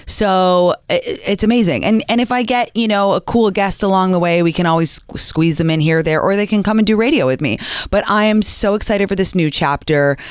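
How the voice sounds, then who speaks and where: A young adult woman hosting a radio show, telling stories in a chatty way and acting out quotes with big jumps in pitch. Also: fairly quick, clear, resonant tone, no room sound, clean studio sound. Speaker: radio and podcast host. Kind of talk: chatty storytelling monologue.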